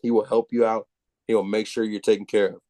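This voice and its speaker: A man telling a personal story as a podcast guest, casual, animated and self-mocking, with plenty of profanity. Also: fairly low pitch, fast talker, no room sound.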